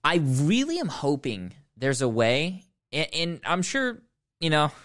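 A man's voice: fairly high pitch, huge pitch swings, a little slow, a bit bright. A man hosting a podcast, delivering a mock-serious, sarcastic comedic rant that rambles and breaks into sudden outbursts. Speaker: podcast host ranking films.

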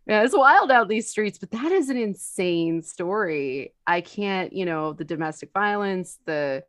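An animated woman hosts a casual podcast conversation and tells stories with plenty of laughter. Her voice sits in a middle range. She sounds close and dry, with no room sound. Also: mid-range voice, measured pace, dry recording. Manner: animated storyteller, laughs a lot. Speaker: podcast host. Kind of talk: casual chat.

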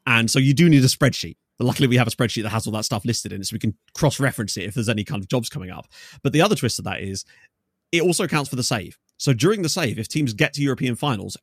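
A man's voice: mid-range voice, no echo, studio quality. A man talking as a podcast guest, explaining his game ideas in long, enthusiastic, rambling stretches. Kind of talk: casual podcast chat.

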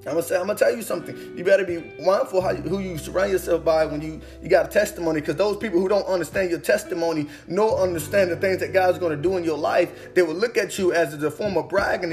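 A young man giving an inspirational testimony talk, speaking with an earnest, preaching cadence that repeats phrases. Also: sits high. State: emotional, holding back tears. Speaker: motivational speaker. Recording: faint guitar music behind. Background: soft guitar music.

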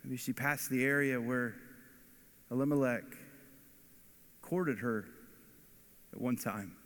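A pastor giving an earnest, storytelling sermon that rises to emphatic points. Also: male voice, medium pitch, slow pace, a bit bright. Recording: long hall reverb.

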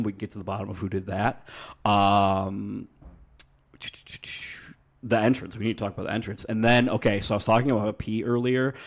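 A young man with a slightly low voice chats on a podcast. He tells stories with animated energy, voicing the people he quotes and swearing casually. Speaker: podcast co-host. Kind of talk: casual storytelling chat.

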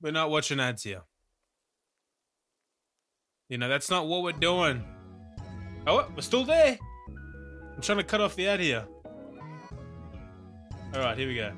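A man streaming live, reacting to videos with loud exclamations, groans and a lot of swearing. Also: fairly high pitch, very animated, measured pace, pauses often, soft background music.

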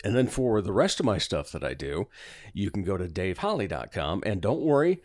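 A man, a radio guest, telling a long joke in casual studio chat, with quick spelling patter and frequent laughs. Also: deep voice, no echo. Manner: animated storyteller, rapid spelling patter, laughs often. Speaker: guest performer and podcaster. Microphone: studio microphone.

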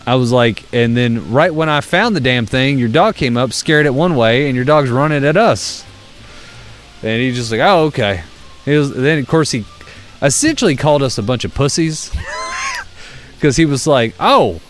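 A young man, co-hosting a podcast in casual chat and telling stories with plenty of swearing. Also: mid-range voice. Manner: animated storyteller, swears freely. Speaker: podcast co-host.

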